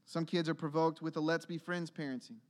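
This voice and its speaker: A male pastor with a fairly high voice delivers a sermon in a church. He is earnest and builds to emphatic, urgent exhortation. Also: fairly even intonation, fairly quick.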